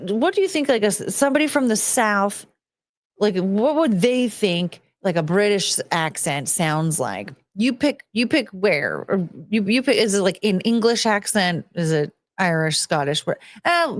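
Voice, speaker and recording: A woman's voice: mid-range voice, no echo. Blunt ranting woman podcaster. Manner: blunt, swears, restarts a lot. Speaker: podcast host. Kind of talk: casual opinionated rant.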